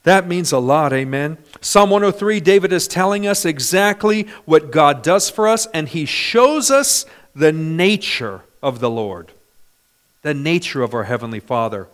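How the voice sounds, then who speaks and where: 50ish pastor guy preaching, fairly high voice, punchy and chatty, keeps asking for amens. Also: expressive, measured pace, fairly bright tone. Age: 50s. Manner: emphatic, conversational, asks the congregation for amens. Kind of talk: sermon.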